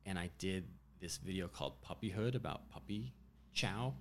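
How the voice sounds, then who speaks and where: A man's voice: low voice, normal speed, slight background noise. A man, a commercial director, talking casually and rambling with lots of fillers. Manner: relaxed, rambling, frequent "like". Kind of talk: casual chat.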